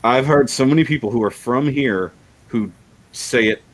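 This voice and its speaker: A man's voice: mid-range voice, normal speed, poor audio. A man hosting a casual livestream chat, rambling and laughing often. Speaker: livestream host.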